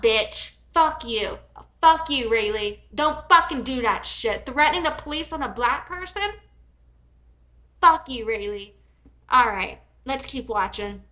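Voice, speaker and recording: Bright, high-voiced angry woman streamer. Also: poor audio. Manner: heated and profane, swings from reading calmly to angry outbursts; rambling, many restarts and filler ums. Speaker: commentary streamer. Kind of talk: reacting while reading messages aloud on a live stream.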